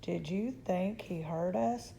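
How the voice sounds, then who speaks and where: A woman voicing an earnest, unsure young girl in a storybook reading, slow and gravelly. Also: on the low side, warm tone, slight background noise.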